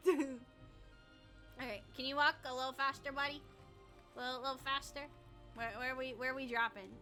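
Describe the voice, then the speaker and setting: Woman streamer, bright and high, chatty, joking commentary. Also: little pitch movement, a little fast, faint music behind. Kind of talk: casual gaming commentary.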